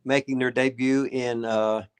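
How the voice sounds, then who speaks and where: Speaking unhurriedly in a clean, mid-range voice with little pitch movement, this retired wrestler, now an older man hosting a show, trades casual, rambling yarns. The folksy tales come with swearing and laughs.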